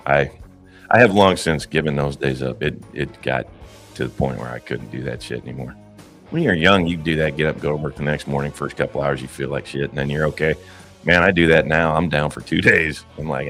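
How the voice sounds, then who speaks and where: A man's voice: a bass voice, moderate pace, a bit bright, soft background music. A man hosting casual commentary, blunt and profane, with laughing asides. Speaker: commentary host.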